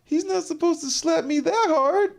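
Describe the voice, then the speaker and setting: A man putting on the voice of a young male wrestler, whining in high, strained disbelief after being slapped. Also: normal speed, vocal fry, shouting, very noisy. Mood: disbelieving. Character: stunned whiny young male wrestler, shocked by pain.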